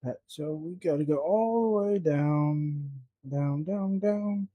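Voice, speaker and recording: A man's voice: fairly high pitch, slow pace, no echo, dull audio. A man cooking at home, talking to himself in a flustered, muttering way and swearing often. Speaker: home cook vlogger. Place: home kitchen.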